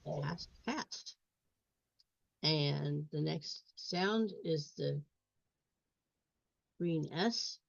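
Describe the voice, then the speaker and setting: Slow, gravelly woman walking through a lesson. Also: deep voice, no room sound. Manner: slow, stepwise, repeats sounds and words. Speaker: reading tutor. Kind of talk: instructional screen walkthrough. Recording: dull lo-fi recording.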